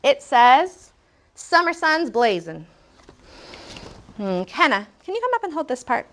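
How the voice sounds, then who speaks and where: A woman teaching a first-grade language lesson, encouraging and animated, reading lines aloud slowly and rhythmically. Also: high voice.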